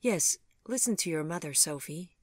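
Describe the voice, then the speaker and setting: A woman voicing a calm, mild-mannered man, speaking quietly and gently in a storybook reading. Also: sits low, moderate pace, no room sound, studio quality.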